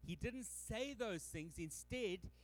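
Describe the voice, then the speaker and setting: High-voiced Canadian pastor preaching. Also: male voice, slow pace, soft background music. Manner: animated preaching, acting out quoted voices. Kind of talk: sermon.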